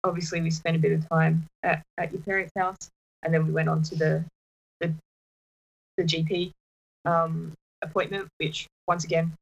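A woman telling a personal story in casual chat, halting, with many restarts. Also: deep voice, flat delivery, gravelly, dull audio. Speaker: partner sharing a personal story.

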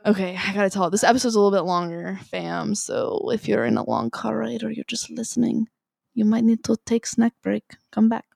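Young adult woman, podcast co-host, animated storyteller with lively range and gravelly fry, dry recording. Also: dry recording. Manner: animated storyteller, quick pitch jumps. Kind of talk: casual chat.

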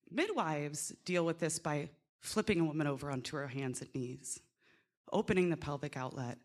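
A woman working as a doula, telling a lively true story with swearing, acting out the people she quotes. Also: low-pitched. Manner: animated, swearing, acts out quotes. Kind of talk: live storytelling.

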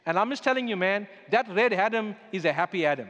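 A man's voice: high-pitched, expressive, fast, hardly any pauses, fairly bright tone. A man, a pastor, preaching a sermon with emphatic storytelling. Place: church sanctuary. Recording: echoey church hall with music underneath.

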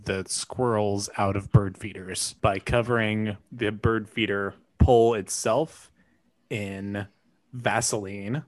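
A man co-hosting a casual podcast chat, playful and quick to laugh. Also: on the low side, steady tone. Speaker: podcast co-host.

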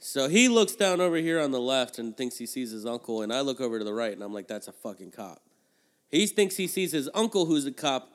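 Profane, rambling man on a podcast. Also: medium pitch. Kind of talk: casual podcast chat.

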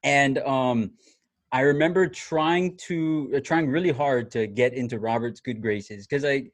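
A man telling a story in casual chat, animated and laughing, with many restarts and fillers. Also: medium pitch, a little slow, dry recording. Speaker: former TV reporter telling a story.

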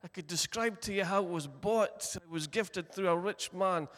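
A Scottish man preaching a sermon as pastor, telling the story earnestly with deliberate emphasis. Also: sits high, fairly bright tone. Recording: long reverb of a large hall.

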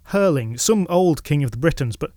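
A man voicing a bewildered old shepherd who speaks in a thick, halting way. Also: fairly high pitch, lively intonation, darkish tone, no room sound, clean studio sound, lightly acted. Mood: puzzled. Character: bewildered old male shepherd, humble, unsettled.

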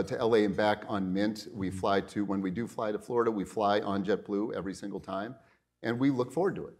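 A middle-aged man interviewing a guest at a business luncheon, rambling with restarts and asides. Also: on the low side. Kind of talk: onstage interview.

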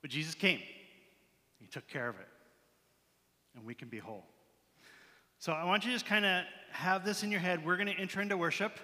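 A fairly high, bright male voice preaching a casual, conversational sermon. The sound carries a long reverb from the church sanctuary around him. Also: animated, a little fast, pauses often. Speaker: pastor. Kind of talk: sermon with prayer.

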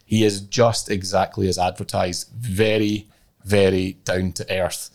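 A man hosting a podcast, speaking in a measured way as he steers the conversation and thinks aloud. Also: low voice, little pitch movement, gravelly, a little mellow. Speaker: podcast host. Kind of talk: casual podcast chat.

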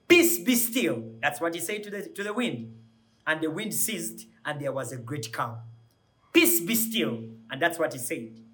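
Male preacher, high voice, impassioned sermon, rhetorical questions, repeats words. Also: a bit bright.

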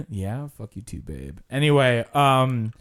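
Man, podcast co-host, slow drawl, lots of pitch swing, rambling, swears a lot. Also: sing-song. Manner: rambling, swears freely, mimics others. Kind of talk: casual chat.

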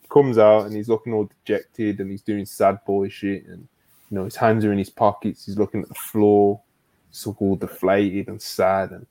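A man co-hosting a wrestling podcast, telling it casually with lots of slang and swearing. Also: medium pitch. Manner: animated, slangy, swears a lot, says "bro" often. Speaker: podcast co-host. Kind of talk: casual wrestling review chat.

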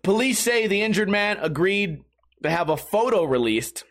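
A man's voice: high-pitched, normal speed. A man hosting a comedy show, reading a strange news story and riffing on it with crude jokes and frequent laughter. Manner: animated, crude, laughs often, mocking asides. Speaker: comedy podcast host.

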